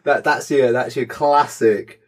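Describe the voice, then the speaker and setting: A man's voice: medium pitch, steady tone, a little slow. A young man co-hosting a casual podcast chat, dry and sarcastic, swearing now and then. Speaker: podcast co-host.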